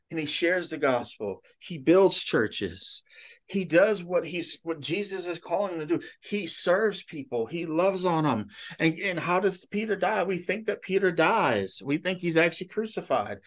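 A male pastor preaching in a loose, conversational way. His voice sits a little high for a man. He stacks rhetorical questions and often restarts his sentences. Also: expressive, unhurried. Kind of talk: conversational sermon.

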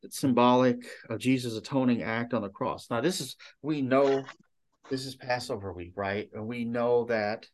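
A man's voice: medium pitch, normal speed. A male pastor giving a conversational sermon, full of rhetorical questions and frequent restarts.

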